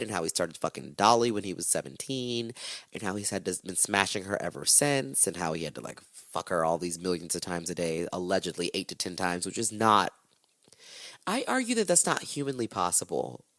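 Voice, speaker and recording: A man's voice: low-pitched, a bit bright, no room sound. A man hosting a podcast, retelling a true-crime story in casual chat, irreverent and swearing freely as he acts out the quotes. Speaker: podcast host.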